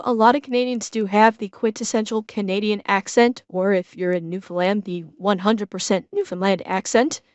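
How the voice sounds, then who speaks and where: A woman's voice: fairly high pitch, a bit bright, dry recording. A woman streamer reacting to a video in casual live commentary, blunt and swearing freely, often restarting her sentences.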